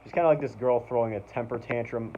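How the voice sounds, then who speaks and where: Talking quickly in a mid-range voice, this channel host rambles through a casual review vlog with lots of "like," "um" and "basically," clearly an excited fan. The recording is dull and lo-fi, and there's noise in the background.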